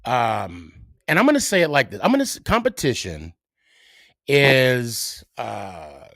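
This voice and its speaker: A middle-aged man hosting a solo podcast, giving his views in a halting way, full of fillers and restarts. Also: medium pitch, wildly swooping pitch, a bit bright, no room sound, clean studio sound. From United States. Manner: hesitant, many fillers and restarts. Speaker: podcast host.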